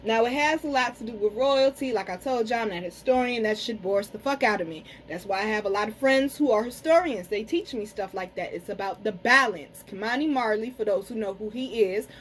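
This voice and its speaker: A woman giving a casual card reading to camera, talking frankly to her viewers, cursing freely and slowing down to say some words carefully. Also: on the high side, rough recording. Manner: frank, chatty, curses freely, addresses viewers as y'all. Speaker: tarot and spiritual reader.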